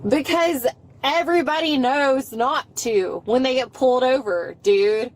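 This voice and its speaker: High-voiced woman arguing with police, defiant. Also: unhurried, slight background noise. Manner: defiant, mocking, breaks into shouting and laughter. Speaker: arrested driver. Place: police car, bodycam. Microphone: officer's body camera.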